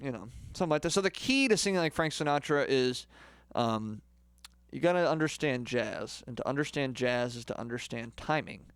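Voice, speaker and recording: A man's voice: mid-range voice, expressive, a little fast, smooth, no echo. A man posing as a rock star singing teacher, rambling in a boastful, crude way through a comedic lesson.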